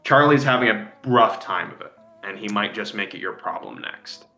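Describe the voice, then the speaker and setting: A man's voice: on the low side, normal speed, pushed and bright, echoey room, faint music behind. A man narrating a tabletop game as game master, drawing out his descriptions.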